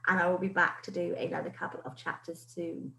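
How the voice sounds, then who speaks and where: A woman teacher reading a storybook aloud to her pupils in a lively, expressive way. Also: on the low side, fairly quick, vocal fry, echoey room, poor audio.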